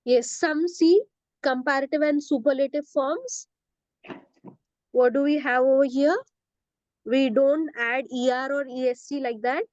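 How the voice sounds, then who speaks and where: A woman's voice: sits high, fairly even intonation, measured pace, pauses often, darkish tone, no echo, lo-fi sound. A woman teaching English grammar, patiently repeating words and checking understanding, mixing in Hindi. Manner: patient, repetitive, often checks "okay?" and slips into Hindi. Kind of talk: classroom lesson.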